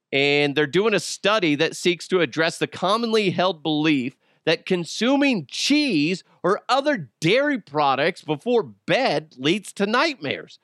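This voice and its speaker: A man's voice: on the high side, a bit bright, no echo, studio quality. A man hosting a podcast alone, joking crudely and riffing in a casual comic monologue. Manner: joking, crude, puts on silly voices. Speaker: podcast host.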